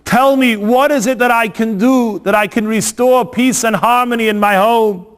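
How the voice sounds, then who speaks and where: A man retelling the story gives voice to a wife at the end of her rope, pleading and repeating herself. The voice is very high and rings out with a long reverb. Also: steady tone, moderate pace. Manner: pleading, breaking into repeated questions. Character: desperate young wife begging for help.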